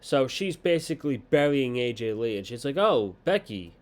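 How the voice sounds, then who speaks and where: A man's voice: medium pitch, a little fast, a little mellow, clean tone. A young man hosting a casual podcast review of a wrestling show, blunt and rambling, swearing casually.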